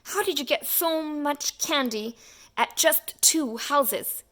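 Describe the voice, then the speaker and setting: A woman voicing a gruff, blunt male police officer in a read-aloud picture book, talking in a brusque, no-nonsense way. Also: high voice, slow, fairly bright tone, voice pushed up. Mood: puzzled.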